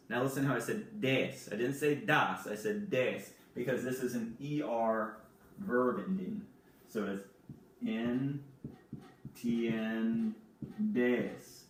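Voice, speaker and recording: A man's voice: mid-range voice, darkish tone, far from the mic. Patient man teaching in an echoey room. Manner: patient, spells words out letter by letter. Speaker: Spanish teacher. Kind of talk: recorded classroom lesson.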